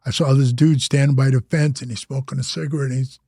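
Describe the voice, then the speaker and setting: A man's voice: mid-range voice, fairly even intonation, fast, warm tone, breathy edge, no echo, clean studio sound. An older man from Wisconsin, a former biker club president, telling long rambling stories in a casual, slangy way. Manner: rambling, slangy, says "bro" and "man" a lot. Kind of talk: casual storytelling.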